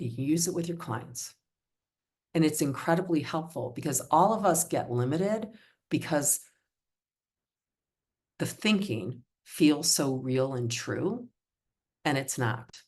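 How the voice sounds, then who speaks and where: A woman's voice: sits low, animated, unhurried, a little mellow. A woman presenting a coaching workshop over a video call, upbeat, encouraging and conversational. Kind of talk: live online workshop talk.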